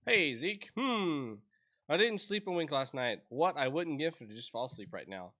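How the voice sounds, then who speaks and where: Drowsy good-natured villager guy, a man reading him aloud, bright voice, upbeat game dialogue. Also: on the high side, lively intonation, moderate pace. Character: sleepy friendly male game villager.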